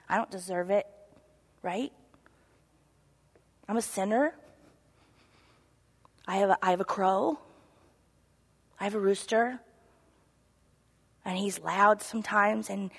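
A woman giving an earnest, confessional sermon, moving between loud emphasis and soft whispered asides. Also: mid-range voice. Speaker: church speaker. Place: church sanctuary. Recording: long echo of a large hall.

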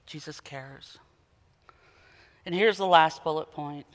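A man preaching a sermon, dramatic, moving from quiet intensity to loud emphatic peaks. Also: fairly high pitch, slow. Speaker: pastor. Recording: long hall reverb.

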